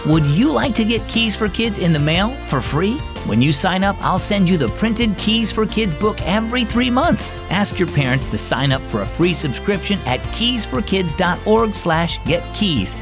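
A man narrating a scripted Christian story for children in a clear, earnest, measured way. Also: sits high, lively intonation, over music.

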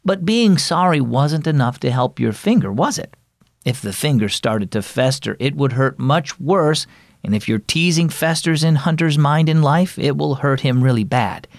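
A man voicing a mother who gently scolds her son in a children's story reading. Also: fairly high pitch, expressive, normal speed, creaky, no room sound, clean studio sound, pitched above the performer's own voice. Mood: earnest. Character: firm but loving mother.

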